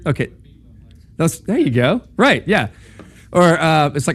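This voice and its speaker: A man's voice: a little high, sing-song, normal speed. A man giving an informal lecture at a campus talk, checking in with the room and acting out quoted speakers. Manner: conversational, checks in with "right?" and "okay?"; acts out quoted voices in dialogue.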